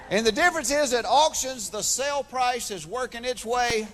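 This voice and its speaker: A man's voice: extremely high pitch, animated, moderate pace, few pauses, fairly bright tone, big-room sound, slight background noise. A man from Georgia with a Southern accent performing a folksy stand-up comedy routine on a theater stage. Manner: folksy storytelling with voices. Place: large theater stage before an audience.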